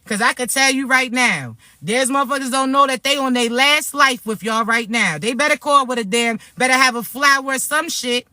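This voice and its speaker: Forceful, profane woman spiritual reader. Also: sits high, moderate pace, few pauses, dry recording. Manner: blunt, profane, fired-up warnings; talks hard and streetwise. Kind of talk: direct-to-camera spiritual vlog.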